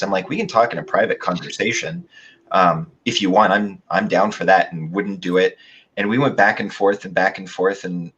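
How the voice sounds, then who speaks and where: Low-voiced man telling stories. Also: steady tone, normal speed, a bit bright, slight background noise, rough recording. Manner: rambling, hesitant with many fillers. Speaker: guest. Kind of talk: casual chat.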